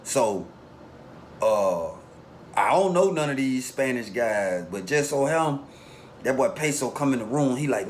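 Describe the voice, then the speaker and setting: A man casually telling a long story in a relaxed street way, acting out the voices of the people in it. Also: mid-range voice, unhurried, slight background noise. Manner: laid-back street storytelling, acts out quotes.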